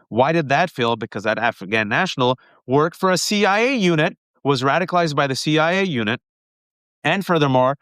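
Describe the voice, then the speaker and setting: A middle-aged man with a New York accent hosting a live political commentary stream, talking rapid-fire and emphatic, calling his viewers folks. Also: mid-range voice, fairly bright tone, no room sound, studio quality. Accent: New Yorker. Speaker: political commentator and show host.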